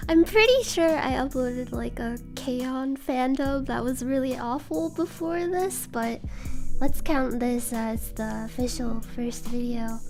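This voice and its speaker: Giggly high-voiced woman. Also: a little slow, over music. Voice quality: soft. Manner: giggly and bubbly, laughing often. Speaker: YouTuber answering fan questions. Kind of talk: casual Q&A vlog.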